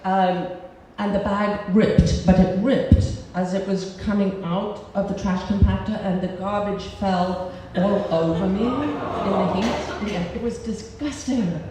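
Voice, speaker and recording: A woman telling a comic, animated personal story live on stage before an audience. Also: mid-range voice, a little slow, few pauses, a little hiss or hum. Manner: animated, comic, laughing at her own story. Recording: roomy hall from a distance.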